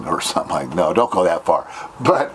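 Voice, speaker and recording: A man's voice: low voice, lively intonation, moderate pace, a bit bright, slight background noise. Rambling man retelling a gig hunt. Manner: acts out both sides of conversations, voice jumping up when quoting. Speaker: solo gigging musician vlogger. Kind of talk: rambling casual storytelling.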